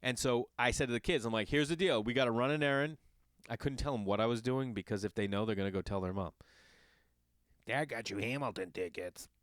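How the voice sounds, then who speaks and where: A man who is a father, hosting a podcast and telling a long casual story in an animated, exasperated and profane way. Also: mid-range voice, fast talker, clear, resonant tone, dry recording. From Los Angeles area. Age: adult with children. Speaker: podcast host.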